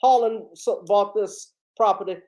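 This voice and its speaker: A man's voice: high voice, measured pace, a little mellow, pitched above the performer's own voice. A man doing an exaggerated impression of a male detective with a put-on Southern US accent. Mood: playful. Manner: exaggerated drawling, chuckling.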